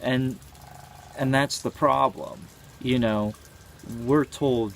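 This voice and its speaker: A man's voice: mid-range voice, fairly even intonation, slow, vocal fry, long pauses, slight background noise. A man in his twenties giving a reflective personal monologue, speaking earnestly and thinking aloud with frequent hesitations. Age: 20s.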